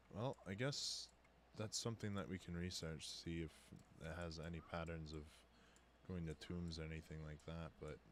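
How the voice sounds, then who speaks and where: A man's voice: sits low, fairly bright tone, slight background noise. A man voicing a skeptical, level-headed male vampire in a tabletop game, talking in a placating way.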